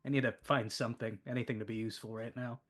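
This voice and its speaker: A man's voice: medium pitch, fairly even intonation, very fast, fairly bright tone. A man playing a tabletop game, speaking as a weary ex-military character in an easygoing, self-deprecating way. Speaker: player. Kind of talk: in-character roleplay.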